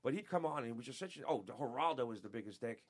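A man from upstate New York, a former radio show staffer, telling profane, animated stories as a guest in a casual chat. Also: medium pitch, very fast. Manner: profane, animated, laughing, acts out quotes.

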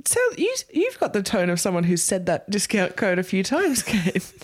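A woman's voice: medium pitch, big pitch swings, normal speed, husky. A woman in her thirties, co-hosting a podcast with playful, teasing banter. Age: 30s. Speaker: podcast co-host. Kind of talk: casual chat.

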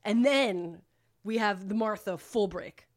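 A woman's voice: mid-range voice, slow pace. A woman co-hosting a podcast, retelling a book plot in a rambling, casual way with lots of filler words and swearing. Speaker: podcast co-host. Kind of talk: casual book recap chat.

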